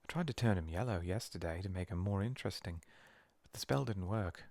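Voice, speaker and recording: A man's voice: deep voice, fairly quick, a little mellow, no room sound. A man voicing a blunt, chatty young schoolboy wizard in a whispered role-play, talking offhandedly. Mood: offhand.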